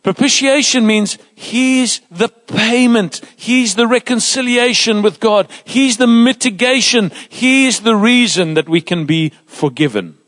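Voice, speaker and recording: A man preaching a sermon in a church, emphatic and lively, dropping into soft asides. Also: extremely high pitch, measured pace, hardly any pauses. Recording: reverberant church hall.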